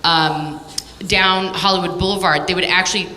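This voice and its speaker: A woman's voice: fairly low pitch, fairly even intonation, normal speed. A woman in the audience earnestly thanking the speaker, rambling a little with fillers. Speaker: audience member asking at Q&A. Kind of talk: audience comment. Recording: hall reverb with faint noise.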